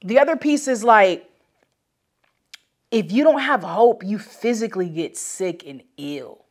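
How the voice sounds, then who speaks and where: A woman's voice: medium pitch, lively intonation, measured pace. A woman hosting a motivational podcast alone, speaking emphatically in casual slang and repeating key phrases for emphasis. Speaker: podcast host. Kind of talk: motivational solo podcast talk.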